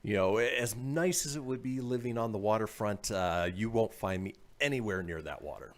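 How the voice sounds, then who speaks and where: A man's voice: on the low side, brisk. A man from northern Nevada hosting a radio show, chatting casually and reading news stories with frequent laughs. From northern Nevada, USA. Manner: animated, laughs often, reads stories aloud.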